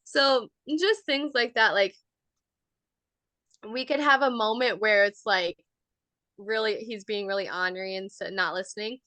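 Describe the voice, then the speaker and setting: A woman's voice: mid-range voice, a little slow, pauses often, sharp tone, dry recording. A young woman co-hosting a podcast, chatting casually and laughing often, with plenty of fillers. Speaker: podcast co-host. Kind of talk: casual chat.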